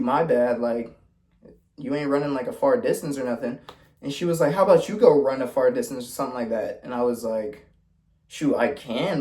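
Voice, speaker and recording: A man's voice: a little high, a little mellow. Young guy yapping a storytime, slangy and swearing, acts out everyone he talks about. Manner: voices the people in his story. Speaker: vlogger. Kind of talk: casual storytime vlog.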